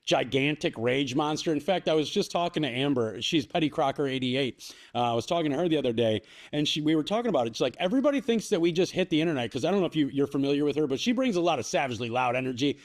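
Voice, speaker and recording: A man co-hosting a podcast, talking in an emphatic, excitable way and swearing freely. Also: mid-range voice, quick pace. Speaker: podcast co-host and content creator. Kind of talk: casual podcast conversation.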